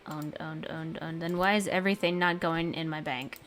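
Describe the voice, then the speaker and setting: A woman's voice: low-pitched, fairly even intonation, normal speed, fairly bright tone. Brief: young woman gamer, sore throat, chatty and profane, faint music behind. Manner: profane, self-mocking, chatty. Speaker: gaming host. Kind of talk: casual gameplay commentary.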